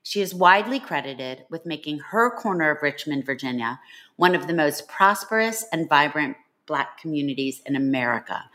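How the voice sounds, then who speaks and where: A woman's voice: deep voice, lively intonation, moderate pace, sharp tone. A woman co-hosting a book podcast, introducing a guest and asking questions with enthusiasm. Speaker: podcast co-host.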